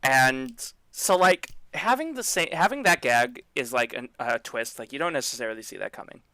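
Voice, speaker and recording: Male podcast cohost, bright tone, dry booth sound; casual self-mocking recap. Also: medium pitch, lively intonation, moderate pace, clear, resonant tone, no echo. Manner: joking, rambling anime recap with self-mocking asides. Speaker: podcast co-host. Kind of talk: casual chat.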